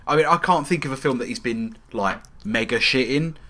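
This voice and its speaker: A man co-hosting a casual chat, quick and teasing in his banter. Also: medium pitch, a bit bright.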